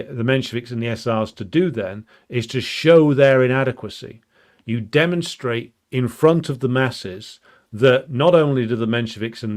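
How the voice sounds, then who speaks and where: A man's voice: mid-range voice, darkish tone. A man giving an unscripted, explanatory talk on political history, thinking aloud with frequent ums and restarts and a blunt, emphatic edge. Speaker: political commentator.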